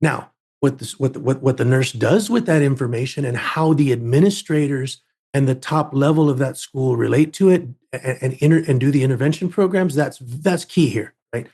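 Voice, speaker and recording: A man's voice: mid-range voice, normal speed, dark tone, husky. A man who is a guest on a podcast interview, telling a story in an emphatic way and often repeating words as he builds up a point.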